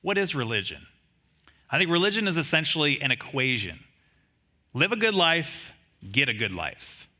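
A man's voice: a little high, very animated, moderate pace, pauses often, sharp tone. A man preaching a sermon in a conversational way, telling stories, asking the listeners rhetorical questions and acting out the lines of the people in the story. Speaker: pastor.

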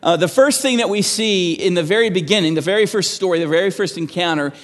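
High-voiced man preaching in a reverberant hall. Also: quick pace. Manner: animated, emphatic preaching with restarts. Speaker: pastor. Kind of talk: sermon. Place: church.

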